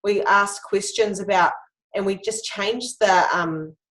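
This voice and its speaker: A woman's voice: mid-range voice, slow pace, fairly bright tone. A woman hosting a casual interview, sharing personal stories in an open, confiding way. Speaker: host. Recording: echoey room.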